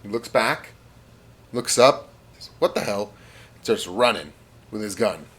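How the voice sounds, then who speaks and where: A man's voice: on the low side, unhurried, fairly bright tone, husky. A man casually telling a rambling comic story, with fillers and spoken sound effects.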